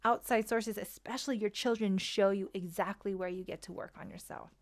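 A woman in her thirties sharing personal stories in a casual, animated chat, full of fillers. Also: mid-range voice, brisk. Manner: animated, confessional storytelling with many fillers.

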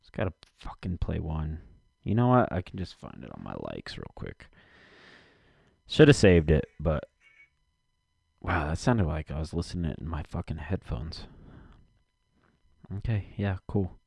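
A man's voice: rumbling low, very animated, unhurried, creaky, pauses often, a little mellow, slightly rough, dry recording. A man rambling casually to himself and his audience from his basement, cursing often and muttering while he searches for something.

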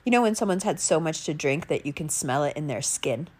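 A woman's voice: low voice, brisk, husky. A woman telling a travel story in a casual monologue, swearing freely and acting out the lines of the people she met. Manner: animated, swearing, acts out quoted lines.

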